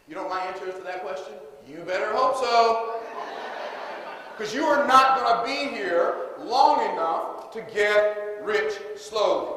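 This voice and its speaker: A seminar speaker with a high, pushed and bright voice talks a little slowly, his intonation lively. He energetically leads the audience in repeating his motivational lines back to him, his voice echoing through a large conference hall with faint room noise.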